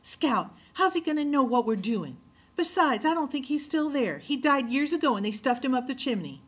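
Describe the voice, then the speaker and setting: A bossy, excitable young boy, as a woman reader puts him on, pitched above her narrating voice and sharp in tone. He talks with earnest command and readily climbs into yelling. Audiobook character voicing. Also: moderate pace, slightly rough, exaggerated voice. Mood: scornful. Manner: earnest, commanding, raises to shouts.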